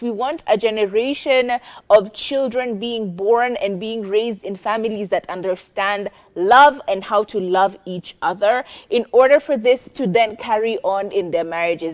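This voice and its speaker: Young woman, chatty and dramatic, giving advice on a talk show, kinda high voice. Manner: animated, expressive, with disgusted exclamations. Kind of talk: casual advice chat.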